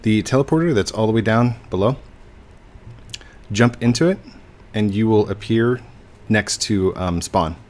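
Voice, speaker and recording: A man's voice: on the low side, unhurried, pauses often, darkish tone. A man hosting a gaming video, chatting casually and playfully with a teammate over voice chat, laughing often.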